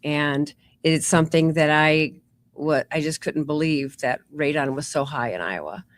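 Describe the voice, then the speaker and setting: Low-voiced woman, chatty storyteller. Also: measured pace. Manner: chatty, warm storytelling with fillers like "you know" and "um". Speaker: nurse practitioner and cancer survivor, guest. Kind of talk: casual interview storytelling.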